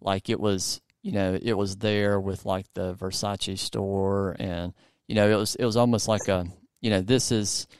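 Male host, casual interview chat, low voice, clear and resonant, rambling with fillers. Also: fairly even intonation, measured pace, a little mellow, no room sound, studio quality. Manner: rambling, many fillers and restarts. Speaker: podcast host.

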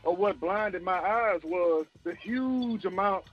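On a dull, lo-fi phone line, a man calls a sports talk show, breathless and hammering home his point. He speaks slowly in a high voice, with soft music in the background.

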